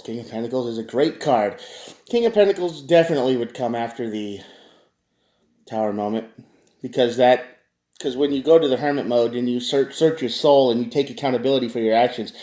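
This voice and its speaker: A man's voice: mid-range voice, mellow, echoey room. Man giving a casual tarot reading. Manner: conversational, addresses viewers directly, frequent restarts. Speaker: tarot reader.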